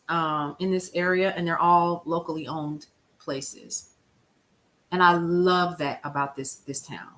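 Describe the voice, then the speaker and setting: A woman hosting a casual news recap live stream, chatting with her viewers and answering their comments in an emphatic, conversational way. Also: fairly low pitch. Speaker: livestream news show host.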